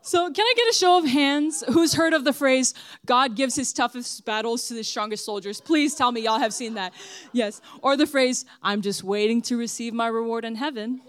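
A woman's voice: a little high, normal speed. A young woman giving a personal testimony sermon at church, earnest and emphatic as she speaks straight to the congregation.

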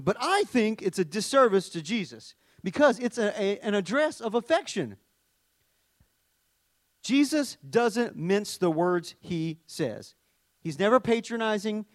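High-voiced preacher, dry close sound. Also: male voice, no echo. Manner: swings between hushed tender lows and loud emphatic peaks; talks to the congregation, asking questions. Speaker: pastor. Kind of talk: sermon.

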